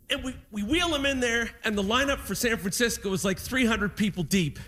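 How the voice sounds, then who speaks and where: A high-voiced man doing stand-up storytelling. He is animated and keeps chuckling through his anecdotes. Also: brisk. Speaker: stand-up comedian.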